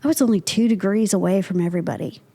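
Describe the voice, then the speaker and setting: A woman's voice: fast talker, creaky, slightly rough. A middle-aged woman from Ohio, an artist and professor, telling a story in casual conversation and acting out the dialogue. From Ohio, USA. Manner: animated storyteller, acting out dialogue with pitch jumps. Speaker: artist and art professor, guest.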